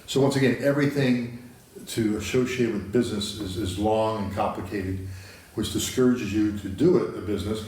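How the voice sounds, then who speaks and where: A man's voice: lowish voice, moderate pace, darkish tone, far from the mic. A man from the United States, a guest in a studio interview, telling stories casually with many restarts. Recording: very echoey, from the mic.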